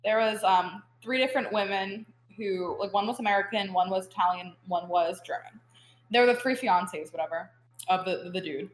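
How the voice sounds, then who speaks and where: A woman's voice: medium pitch, normal speed, echoey room, slight background noise, low-quality recording. A young woman talking casually as a guest, telling a story in a chatty, rambling way full of fillers and laughter. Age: young adult. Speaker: guest student. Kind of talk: casual chat.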